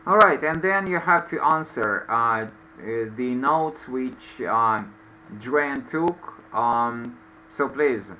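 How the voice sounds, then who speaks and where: A man's voice: medium pitch, slow pace, background noise. A man teaching English in an online lesson, explaining patiently with many fillers. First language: Russian. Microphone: video call.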